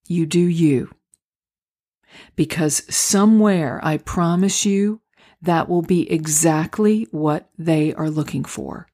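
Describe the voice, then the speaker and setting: A woman hosting a solo podcast, talking through acting auditions in a gentle, encouraging, unhurried way. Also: low-pitched. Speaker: podcast host and acting coach. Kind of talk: reflective solo podcast talk. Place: home, recorded near a street.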